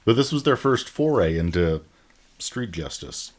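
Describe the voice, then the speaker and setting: A man's voice: deep voice, very animated, measured pace. A man co-hosting a podcast, chatting casually about an old movie with dry joking asides and casual swearing. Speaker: podcast co-host.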